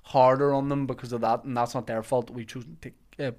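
A man hosting a podcast, telling animated stories in casual chat. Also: mid-range voice, a little fast. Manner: animated storyteller, acts out overheard voices. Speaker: podcast host.

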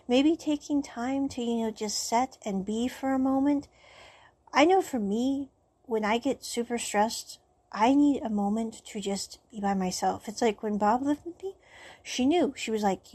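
A woman's voice: on the high side, unhurried, dark tone. A woman hosting a solo podcast, talking in a rambling, reflective way with many fillers. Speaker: podcast host.

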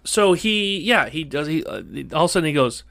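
A man hosting a casual podcast, telling a long story in an animated, rambling way with many self-corrections. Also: on the high side, fairly quick, no room sound, clean studio sound. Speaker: podcast host.

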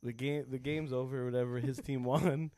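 A podcast host who also coaches school sports tells stories in a casual chat, laughing often, swearing a lot, and acting out what people said. His medium-pitched, darkish voice moves a little fast with fairly even intonation.

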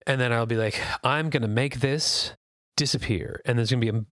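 A man's voice: medium pitch, a little fast, a bit bright, no room sound, clean studio sound. A man co-hosting a podcast, joking playfully in casual chat. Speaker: podcast co-host.

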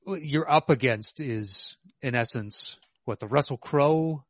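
A man co-hosting a podcast, talking about movies in a measured, hesitant way with many fillers. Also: mid-range voice, dry recording. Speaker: podcast co-host. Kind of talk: casual movie chat.

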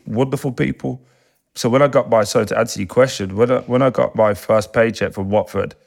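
A man's voice: medium pitch, vocal fry. A man, telling stories from his past in a casual interview, swearing freely and acting out other people's voices when he quotes them. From England. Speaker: guest, football captain.

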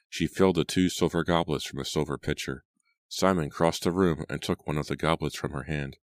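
A man narrating a horror audiobook in a measured storytelling manner. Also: a bass voice, steady tone, no echo. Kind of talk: scripted narration. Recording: dry close studio sound.

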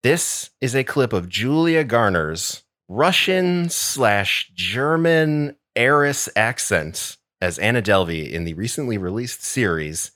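A man's voice: mid-range voice, expressive, slow, hardly any pauses, a bit bright, no room sound, clean studio sound. A man co-hosting a podcast in casual chat, wry and playful, running through a list with emphasis. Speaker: podcast co-host.

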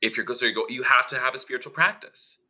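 Blunt, swearing male co-host with a sharp, very bright tone. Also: medium pitch, fast talker. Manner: blunt and emphatic, swears freely. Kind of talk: casual chat.

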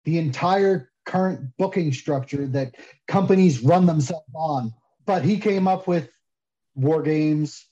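A man's voice: fairly high pitch, a little slow, mellow, dull audio. A man speaking as a guest soap maker in a casual podcast interview, self-deprecating and opinionated, picking up energy when he argues a point.

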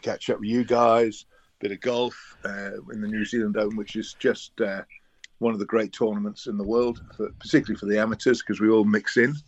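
An older man chatting as a radio guest, telling relaxed stories with a chuckle. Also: lowish voice, fairly quick, highs cut off. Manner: relaxed anecdotal storytelling, chuckling. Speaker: guest, former cricketer. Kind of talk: casual radio interview.

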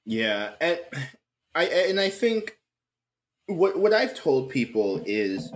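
A young man chats on a podcast, frank and quick to swear. His pitch swings widely as he talks. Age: young adult. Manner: animated, frank, swears freely. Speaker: podcast guest. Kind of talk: casual chat.

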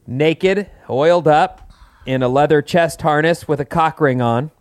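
A man's voice: a little high, no echo. A man co-hosting a podcast, playfully spinning out joking scenarios in a casual, bantering way. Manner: playful storyteller, drawn-out setups. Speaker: podcast co-host.

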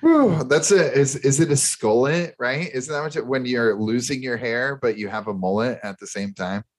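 Male podcast co-host, mid-pitched, sarcastic mock-enthusiastic delivery. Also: normal speed. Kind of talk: casual movie chat.

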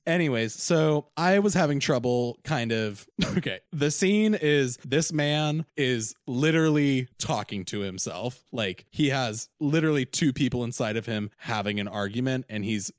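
Animated young man telling a story. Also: mid-range voice, moderate pace, dry recording, clean studio sound. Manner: animated, self-mocking storyteller who swears casually. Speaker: podcast co-host. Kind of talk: casual chat, storytelling.

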